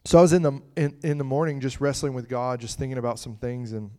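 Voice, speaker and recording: A man's voice: mid-range voice, flat delivery, quick pace, warm tone. A man preaching a conversational sermon, chatting with the congregation and breaking into fits of laughter.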